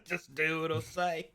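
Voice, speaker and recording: Bright-voiced laughing game master. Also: male voice, a little high. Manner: laughs a lot, relaxed and joking. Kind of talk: casual tabletop session chat.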